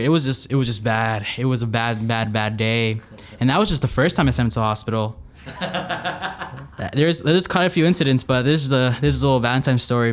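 A man's voice: medium pitch, clean tone. A young man telling a funny personal story in a casual, rambling way, with lots of restarts. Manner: rambling, many restarts, animated retelling. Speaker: storyteller guest.

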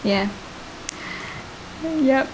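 A woman in her thirties with a high, bright pitch, chatting as a guest and spinning a rambling anecdote. She giggles constantly between lines, with a faint hiss of noise behind her. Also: lively intonation, very slow, rough recording. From Australia. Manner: giggly, rambling, laughs often. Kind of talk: casual storytelling chat.

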